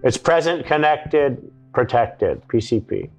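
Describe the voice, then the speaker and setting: A man in a mid-range voice recounts an experience in a loose, rambling way. Faint music plays quietly behind him. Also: medium pitch, expressive, slow pace. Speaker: big wave surfer guest. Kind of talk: casual storytelling.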